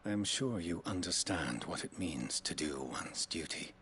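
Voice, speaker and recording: A man's voice: low voice, lively intonation, moderate pace, a bit bright, slight background noise. An actor playing a solemn, devout male knight-leader who speaks in formal, courtly phrases.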